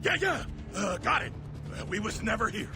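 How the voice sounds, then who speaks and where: Nervous robot grunt, high, gravelly, stammering. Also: male voice, big pitch swings, moderate pace, shouting, over music, exaggerated voice. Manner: stammering, eager to please. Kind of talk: video game voice acting.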